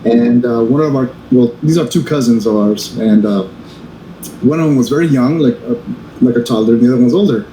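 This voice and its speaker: Talking casually as a podcast co-host, this man keeps stopping, restarting, and using filler words. His voice is dark and medium-pitched, recorded in an echoey space with a little noise.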